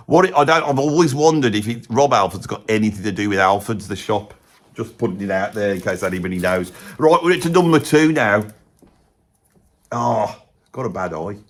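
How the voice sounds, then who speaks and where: A man's voice: medium pitch, lightly acted. A man playing a rambling, gossipy middle-aged Birmingham bloke and ex-roadie, with a Birmingham accent, swearing mildly and wandering off topic. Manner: rambling, peppered with "bloody", chummy asides. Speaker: comedy character ranking bands. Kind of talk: rambling comic monologue to camera.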